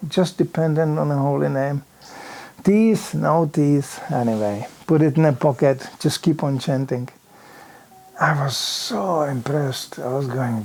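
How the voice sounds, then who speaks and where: A man's voice: on the high side, slow pace, a little mellow. An older man preaching in a temple hall, telling a story with many "you know" asides and acted-out sound effects. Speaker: visiting preacher. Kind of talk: storytelling sermon.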